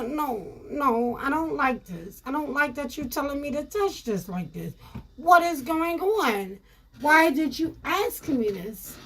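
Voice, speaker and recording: High-voiced woman telling a story. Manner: animated, repeats herself, addresses viewers as y'all. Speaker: vlogger telling a personal story. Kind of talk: casual storytelling to viewers.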